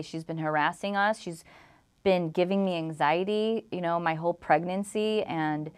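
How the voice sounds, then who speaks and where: A woman's voice: on the low side, steady tone, normal speed, clean tone. A young woman from Illinois telling an emotional personal story as an interview guest, rambling with many "like"s and acting out what others said. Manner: rambling storytelling, full of "like", acts out quoted exchanges.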